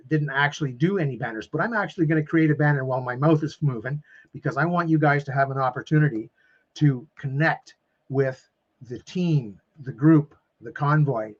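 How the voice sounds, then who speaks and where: Emphatic man on a muffled live stream. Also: mid-range voice. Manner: emphatic, repeats phrases, calls viewers "my friends"; openly emotional and effusive. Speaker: motivational coach streaming live. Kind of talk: live-stream talk to viewers.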